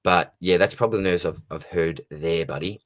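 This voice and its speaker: A man's voice: deep voice, a little fast, a bit bright. A young Australian man hosting a live Q&A stream, reading viewer comments aloud and answering them in a friendly, casual way. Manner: friendly, reads out comments and answers them, calls people mate and buddy. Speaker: livestream host.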